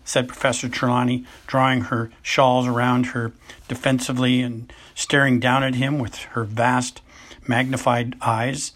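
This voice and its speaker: Husky guy reading an audiobook, mid pitch, trips on a word now and then. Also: level tone, fairly bright tone. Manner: unhurried, occasional stumbles and self-corrections. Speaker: audiobook reader. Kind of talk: amateur audiobook narration.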